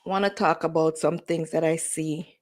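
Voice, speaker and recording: A woman's voice: sits low, steady tone, moderate pace, darkish tone. A Jamaican woman in her forties hosting a casual livestream chat, slipping into patois and laughing often. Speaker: livestream host.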